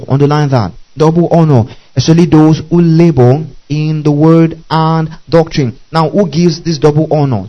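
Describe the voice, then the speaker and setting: A man's voice: on the high side, dark tone, muffled recording. A man preaching as pastor, teaching through scripture, repeating key phrases and asking the congregation to underline them. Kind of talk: sermon.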